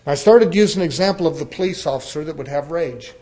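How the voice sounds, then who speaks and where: A man's voice: a little high, fast talker, dark tone. A male pastor preaching a sermon in an earnest way, addressing the congregation as brethren and telling stories with acted-out dialogue. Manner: conversational storytelling with acted-out dialogue.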